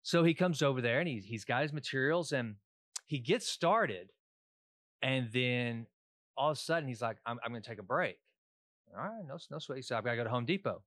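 Animated Texan man in his forties. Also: mid-range voice, fairly quick, no room sound. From East Texas. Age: 40s. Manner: animated storyteller, acts out voices in anecdotes. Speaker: podcast co-host. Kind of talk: casual chat.

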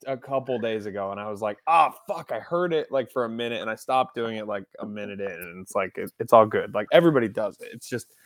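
A man's voice: lowish voice, fast, hardly any pauses, no echo, clean studio sound. A young man hosting a casual interview, rambling with lots of "uh" and "like". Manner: relaxed, rambling, many "uh" and "like" fillers. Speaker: podcast host.

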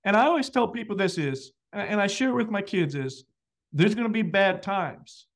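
A man's voice: sits high, lively intonation, moderate pace. A man hosting a podcast, talking earnestly and reflectively with his guest and often agreeing. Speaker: podcast host, financial advisor. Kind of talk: podcast interview chat.

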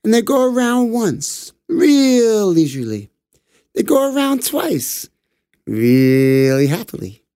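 Slow, animated man telling a bedtime story. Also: high-pitched, no room sound, studio quality. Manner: slow, gentle and animated, leaps into voices. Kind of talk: bedtime story reading for children.

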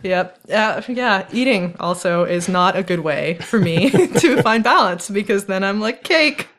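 A woman chatting casually on a recovery podcast, telling stories in an animated way and laughing often. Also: medium pitch, a little slow.

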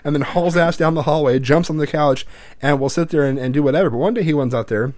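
A man's voice: fairly high pitch, quick pace, darkish tone, no room sound. A man in his thirties hosting a podcast, talking bluntly and profanely in casual chat, rambling with restarts. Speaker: podcast host.

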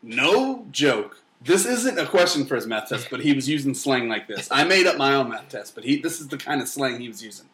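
A young man co-hosting a casual podcast, joking and swearing freely with loud outbursts. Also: mid-range voice, big pitch swings, a little fast, few pauses. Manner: profane, jokey, loud outbursts. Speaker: podcast co-host.

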